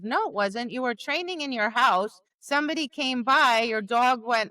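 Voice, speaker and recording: Woman, podcast co-host, dog trainer, emphatic chat, high-ish voice, bright tone. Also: normal speed, dry recording. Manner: emphatic, acts out barking and quotes. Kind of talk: casual conversational chat.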